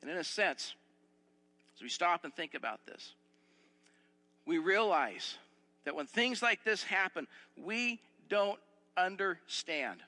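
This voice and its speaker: A man's voice: high-pitched, animated, slow, pauses often, pushed and bright, big-room sound. A man preaching a sermon as pastor, earnest, repeating phrases and asking the listeners direct questions.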